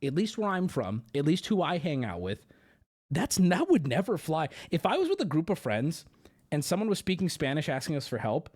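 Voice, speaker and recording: A man's voice: a little high, a little mellow. A man streaming live and chatting casually, ranting and swearing, and mimicking people in exaggerated voices.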